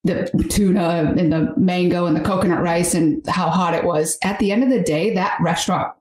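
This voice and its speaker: A woman's voice: on the low side, steady tone, normal speed, a little mellow. A woman in her thirties, a chef and podcast guest, talking earnestly and reflectively in casual chat. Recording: roomy echo.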